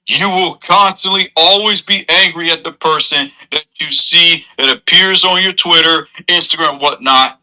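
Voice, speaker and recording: Bright-voiced man giving a lecturing monologue. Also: on the high side, normal speed, hardly any pauses, rough recording. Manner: lecturing, earnest, moralizing. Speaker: streamer. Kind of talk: preachy advice monologue.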